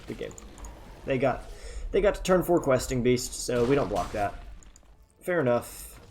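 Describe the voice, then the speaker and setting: A man's voice: medium pitch, a little mellow. A man casually commenting on his own card game as he plays, thinking aloud and joking at himself, tired and yawning at times. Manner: chatty, self-mocking, thinks aloud. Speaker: gameplay commentator.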